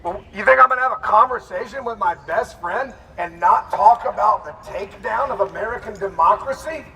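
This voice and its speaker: A man's voice: high voice, a little fast, bright, forceful tone. Impassioned man rallying a street crowd. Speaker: protest organizer. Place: outdoors on a city street. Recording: roomy, distant street reverb.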